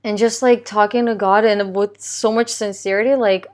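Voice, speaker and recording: A woman's voice: medium pitch, fairly even intonation, normal speed, a little mellow. A young woman, a mother, telling a long personal story in casual conversation, with lots of "like" and "you know.". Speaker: Christian video host.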